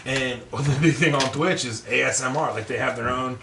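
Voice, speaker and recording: A man's voice: medium pitch, moderate pace, far from the mic. A man co-hosting a podcast in casual chat, rambling, swearing often and laughing mid-sentence. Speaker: podcast co-host. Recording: roomy echo, from the mic, faint noise.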